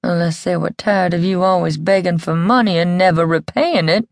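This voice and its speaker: A woman's voice: lowish voice, normal speed, vocal fry, dry recording. A woman voicing a skeptical younger sister who keeps her tone nonchalant and lightly sardonic.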